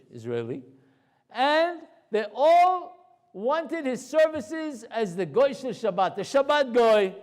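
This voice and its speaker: A man, a rabbi, giving a storytelling Torah lecture to a live audience in a conversational, animated way. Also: very high voice.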